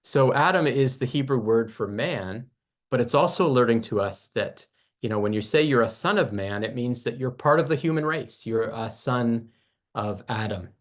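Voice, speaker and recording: A man teaching a Bible lesson in a measured, explanatory way, restarting phrases now and then as he works through a point. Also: mid-range voice, lively intonation.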